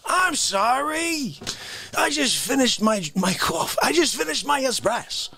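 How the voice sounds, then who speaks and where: A man rants through a comedy bit with a husky voice, bouncing from shouts to hushed whispers. His pitch leaps all over the place. The recording is dry and close. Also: expressive, unhurried, no room sound. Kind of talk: comedic rant.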